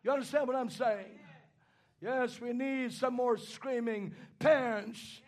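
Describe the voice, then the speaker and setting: A man preaching from the pulpit, his voice sitting unusually high for a man. He stumbles and repeats words as he tells a story, then climbs into full-throated, impassioned shouts. The delivery is raw and fervent. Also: fairly even intonation. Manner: impassioned, rising into shouts, halting repetitions. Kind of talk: sermon.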